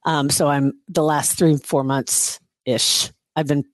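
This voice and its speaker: A woman's voice: deep voice, steady tone, slow, dry recording, studio quality. A woman chatting casually and telling a story, wry and exasperated, laughing often between lines. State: recovering from knee surgery. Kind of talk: casual chat.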